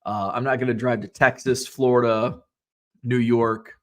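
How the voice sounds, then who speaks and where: A man's voice: medium pitch, level tone, moderate pace, a bit bright. A man hosting a sports card livestream, chatting loosely, telling rambling stories, swearing casually, and reading viewers' comments aloud. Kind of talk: casual livestream chat and storytelling.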